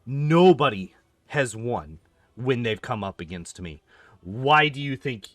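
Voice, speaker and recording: A man's voice: medium pitch, slow pace, dry recording. A young man streaming a game, ranting animatedly in casual commentary, swearing often and filling with "like". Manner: animated ranting, profane, lots of "like".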